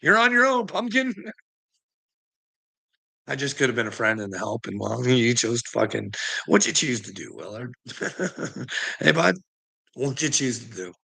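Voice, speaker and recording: A man's voice: mid-range voice, expressive, unhurried, gravelly, pauses often, sharp tone, husky. A man ranting casually on a livestream, swearing freely, laughing often and calling his viewers "bud".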